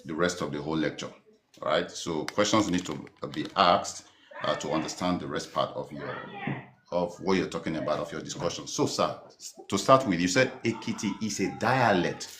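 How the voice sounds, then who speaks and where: A man politely asks a question in an online group discussion. He is deferential and addresses the speaker as "sir". His voice is very deep. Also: normal speed, background noise. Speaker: participant.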